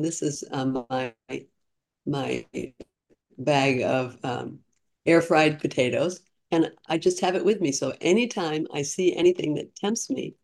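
A low-pitched, slightly mellow voice with vocal fry belongs to a woman in her sixties guesting on a podcast. She tells her story chattily and earnestly in a casual interview, often restarting.

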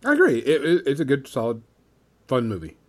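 A man's voice: medium pitch, wildly swooping pitch, brisk. A man co-hosting a casual movie chat, easygoing and enthusiastic, with hesitant fillers. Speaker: podcast co-host.

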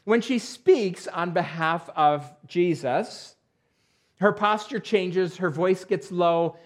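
A man's voice: high-pitched, takes it slowly. A man preaching a sermon to his congregation, conversational with dry asides and emphatic rhetorical questions. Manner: conversational with dry asides and self-deprecating humor. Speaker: pastor.

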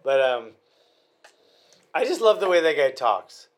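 Talking fights on his podcast, this man has a slightly high voice with big pitch swings, yet keeps a measured pace. His casual talk wanders, and he often starts sentences over.

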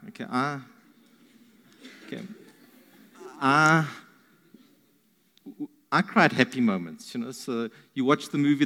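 A man's voice: medium pitch, fairly bright tone, big-room sound. A man telling his side of a faith story, encouraging and a little self-deprecating. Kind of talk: personal faith testimony.

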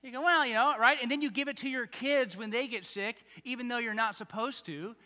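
A man preaching a conversational, animated sermon as pastor, acting out little voices along the way. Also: extremely high pitch, brisk. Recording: long hall reverb.

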